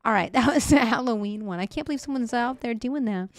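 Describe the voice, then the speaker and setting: Young woman streamer, casual joking reactions, slightly high pitch, dry mic. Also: a little fast, no room sound. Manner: chatty, jokey, laughs often, talks to chat. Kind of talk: casual chat reacting to news clips.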